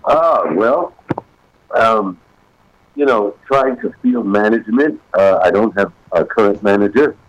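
A man in his sixties with a deep golden voice, a guest speaking by phone in a casual radio interview, halting with frequent pauses. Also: no room sound, poor audio. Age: 60s.

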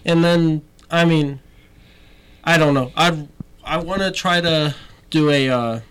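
A young man appearing as a guest on a chat show, talking haltingly with many fillers. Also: on the high side, fairly bright tone, clean tone. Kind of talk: casual chat.

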